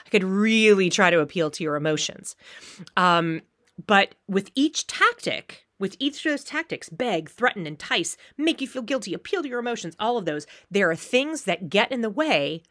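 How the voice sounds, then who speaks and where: A woman's voice: medium pitch, animated, fairly quick, fairly bright tone, no echo, studio quality. A woman theater teacher giving a recorded lecture on acting, now and then acting out short quoted pleas and threats as examples.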